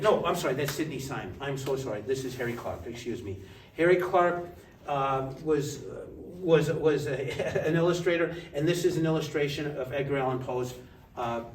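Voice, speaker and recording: Animated storytelling man in an echoey gallery. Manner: animated anecdotes, acts out voices with big pitch jumps. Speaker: art collector giving a gallery talk. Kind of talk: casual storytelling talk. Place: museum gallery. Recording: echoey gallery, distant mic, faint hiss.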